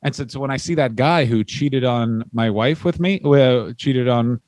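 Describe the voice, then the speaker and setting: A man's voice: mid-range voice, normal speed, darkish tone, no echo. Joking Canadian man, dry close mic. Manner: rambling, jokey, acts out silly voices. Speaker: podcast co-host. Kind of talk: casual comedic chat.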